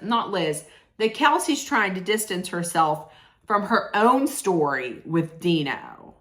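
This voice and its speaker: A woman's voice: medium pitch, bright, forceful tone. A woman giving a casual, blunt recap of a reality show, chatting, swearing freely and correcting herself as she goes.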